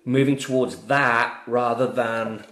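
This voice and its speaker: A man's voice: medium pitch, flat delivery, slow, fairly bright tone, a little hiss or hum. Chatty man hosting a beer review. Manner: chatty, storytelling, exasperated bantering. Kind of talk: live-streamed casual chat. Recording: roomy echo.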